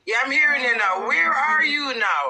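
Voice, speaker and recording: A woman's voice: sits high, expressive, moderate pace, crowd noise, rough recording. A Jamaican woman hosting a live stream, chatting in patois and talking about life's troubles. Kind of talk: casual live stream chat.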